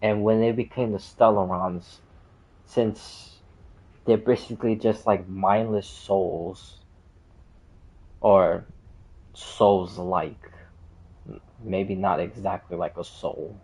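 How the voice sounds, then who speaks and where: A man's voice: sits low, fairly even intonation, slow pace, pauses often, a little mellow, husky, rough recording. A man explaining game lore in a casual, rambling way, full of fillers and side tracks. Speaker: game streamer.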